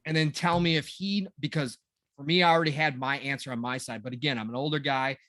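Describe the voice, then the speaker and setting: A man's voice: medium pitch, steady tone, fast talker, a bit bright, no room sound, clean studio sound. A man in his forties co-hosting a gaming podcast, rambling and sarcastic with a self-deprecating streak. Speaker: podcast co-host. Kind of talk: casual gaming news chat.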